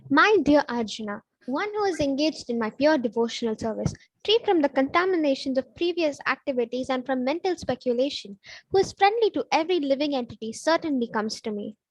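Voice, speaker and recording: A woman reads a scripture translation aloud in a measured, formal way. Her voice is very high and sits close and dry, with no room sound. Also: animated, dry recording, rough recording.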